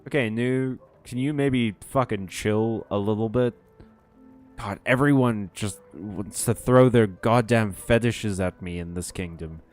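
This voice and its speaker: A man's voice: on the low side, unhurried, a little mellow, faint music behind. A man giving casual, profane, joking commentary while playing a game. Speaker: game streamer. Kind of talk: let's play commentary.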